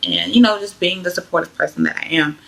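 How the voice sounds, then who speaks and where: A young woman tells her own story in a casual, rambling way. Her voice sits low and carries a gravelly fry. It also has a bright, forward edge. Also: fast talker. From Georgia, US. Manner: chatty, loose, many "like" fillers. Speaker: vlogger sharing her testimony.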